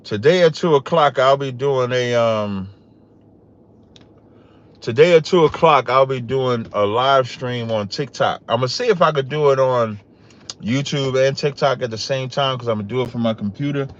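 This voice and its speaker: The recording is muffled, and the man on it has a mid-range voice and a moderate pace. He hosts a casual livestream podcast, speaking directly to his chat, addressing viewers as y'all and bursting out in rising, emphatic bursts.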